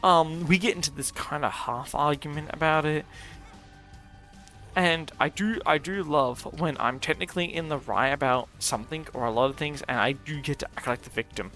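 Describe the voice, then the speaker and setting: A young streamer tells a story while gaming, rambling and swearing with plenty of fillers. His voice is a little high, bright, and forceful at a moderate pace, with faint music behind him.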